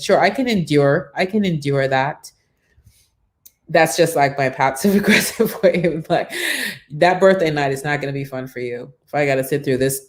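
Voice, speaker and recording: A middle-aged woman hosting a live morning show, telling animated stories and greeting viewers by reading out their comments. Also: low voice. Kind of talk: casual live-stream chat.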